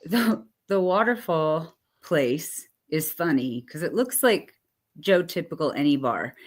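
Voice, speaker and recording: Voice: mid-range voice, fairly bright tone. A live-stream co-host chatting casually and rambling, laughing often and filling talk with "like".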